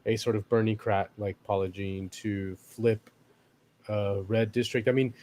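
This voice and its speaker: A man's voice: lowish voice, level tone, unhurried, a little mellow, slight background noise. A man co-hosting a casual political chat who rambles, leaning on "like" and restarting his sentences. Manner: rambling, many "like" fillers and restarts.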